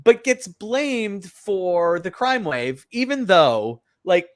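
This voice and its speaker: A man co-hosting a podcast, chatting casually about a movie in a rambling, animated way full of fillers and restarts. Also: high voice, takes it slowly, no room sound, studio quality. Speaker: podcast co-host. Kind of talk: casual film review chat.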